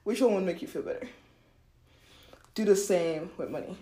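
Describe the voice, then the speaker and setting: A woman's voice: mid-range voice, moderate pace. A woman giving a casual motivational monologue, swearing freely and laughing often. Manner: animated, profane, laughs often. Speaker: self-help speaker. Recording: roomy echo.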